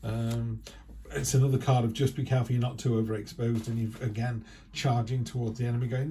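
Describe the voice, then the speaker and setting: Chatty guy doing a tarot reading, really mellow low-toned voice, faint hum behind. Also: little pitch movement, a little fast. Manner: chatty, acts out quoted remarks in other voices. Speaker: tarot reader. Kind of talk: casual spoken tarot reading.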